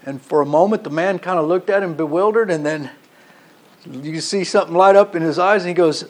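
High-voiced male preacher. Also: brisk, a little hiss or hum. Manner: storytelling, reads scripture aloud. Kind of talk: sermon.

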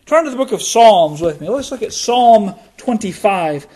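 A middle-aged man preaching a sermon, slow and deliberate, letting key words drop low for emphasis. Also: expressive, dark tone, husky. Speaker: pastor.

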